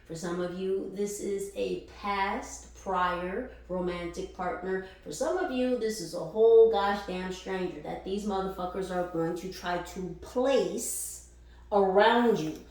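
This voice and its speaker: A woman gives a casual spiritual reading in a very echoey room, her voice medium-pitched, a little mellow and a little slow. She is blunt and profane, laughs between lines, and repeats phrases for emphasis.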